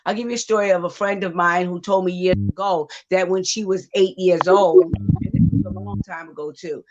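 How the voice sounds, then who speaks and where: Low-voiced woman on a dull lo-fi stream. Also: lively intonation, moderate pace. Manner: gentle, reassuring storytelling with many fillers. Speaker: psychic panelist. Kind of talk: livestream talk. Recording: dull lo-fi livestream audio.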